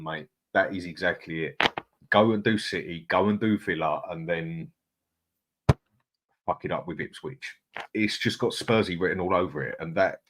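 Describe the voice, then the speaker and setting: Man, very low voice, chatty live-stream host. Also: breathy edge. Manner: chatty, reads out viewer comments, swears. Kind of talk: casual live-stream chat.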